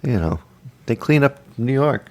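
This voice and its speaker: A man's voice: medium pitch, lively intonation, normal speed. A man hosting a comic retro news chat, reading facts with dry jokes. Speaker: host of a retro journal show.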